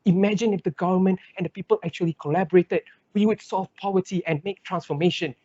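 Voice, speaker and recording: A man's voice: high-pitched, fairly even intonation, fast, dark tone, dry recording. A young man from Malaysia, giving a rhetorical, impassioned competitive debate speech. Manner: impassioned, rhetorical, builds in lists and repetition. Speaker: student debater. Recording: dull lo-fi dry recording.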